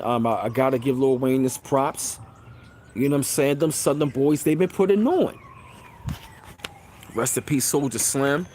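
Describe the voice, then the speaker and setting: A man hosting a casual live stream, talking loosely and repeating filler phrases, getting louder and higher when excited. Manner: loose, rambling, repeats phrases like "you know what I'm saying". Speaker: channel host.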